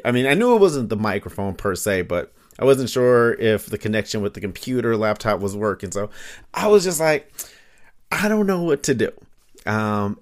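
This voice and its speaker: A man hosting his own podcast alone, talking casually into a home microphone, laughing often and filling his talk with asides. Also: fairly low pitch. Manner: laughing often, animated, lots of fillers and asides. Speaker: podcast host. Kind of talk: casual solo podcast monologue.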